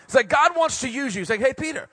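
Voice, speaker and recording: A young man preaching a sermon to university students, joking and animated, swinging between loud outbursts and quiet, earnest points. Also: very high voice, fast talker, no room sound. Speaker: pastor speaking to university students.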